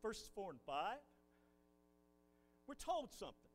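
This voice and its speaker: A man's voice: high voice, slow, big-room sound, a little hiss or hum, low-quality recording. A man from Ohio preaching a sermon from the pulpit, telling folksy stories. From Ohio, USA. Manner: folksy storytelling, animated. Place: church pulpit.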